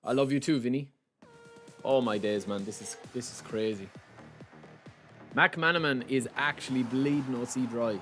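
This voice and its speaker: A young Irish man streaming a game, chatty and excitable, talking to his chat as "lads" and saying he is sleep-deprived. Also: mid-range voice, moderate pace, long pauses, soft background music. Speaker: gaming streamer. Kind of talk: live stream chat while opening game packs.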